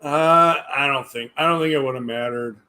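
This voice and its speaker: A man talks on a livestream in a loose, rambling way at an ordinary mid pitch. He sounds tired, restarts his sentences and lets them trail off into quiet mumbling. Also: moderate pace. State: tired, yawning. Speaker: livestreamer reading chat. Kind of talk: casual livestream chat.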